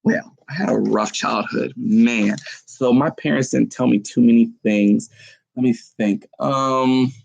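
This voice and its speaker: Emotional man with a gravelly voice. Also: medium pitch, fairly even intonation, a little slow, dry recording, dull audio. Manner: emotional, heartfelt storytelling. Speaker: live streamer. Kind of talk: casual live-stream chat.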